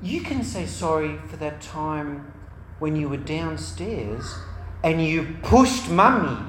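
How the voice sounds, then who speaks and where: A man's voice: fairly high pitch, very animated, slow, a bit bright, a little hiss or hum, full character voice. A man voicing an earnest, matter-of-fact four-year-old girl, heard in an echoey room. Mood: insistent. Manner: innocent, insistent. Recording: roomy hall with faint ambience.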